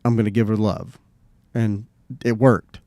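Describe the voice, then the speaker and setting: In a dry recording, a middle-aged man co-hosting a podcast rambles through a personal story, swearing freely and staying laid-back. His voice is on the low side and mellow, with little pitch movement and a measured pace.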